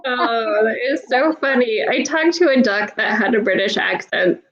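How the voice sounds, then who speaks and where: A woman's voice: on the high side, lively intonation, moderate pace, fairly bright tone, lo-fi sound. A woman who is an animal communicator, telling stories in a casual interview and laughing often.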